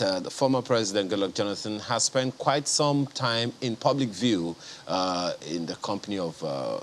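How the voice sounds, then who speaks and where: A man with a fairly low voice presses a guest with deliberate, pointed questions in a TV studio. He drags out words for emphasis, and a faint hum of room noise sits behind him. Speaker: news anchor. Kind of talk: probing TV news interview questions.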